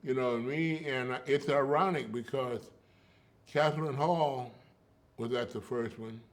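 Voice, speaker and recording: An older man tells stories in a relaxed interview and keeps a steady rhythmic pulse in his speech. He leans on emphatic repeats and checks in with his listener through "you know" and "okay.". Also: mid-range voice, a little slow. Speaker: interviewee, griot. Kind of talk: casual conversational storytelling.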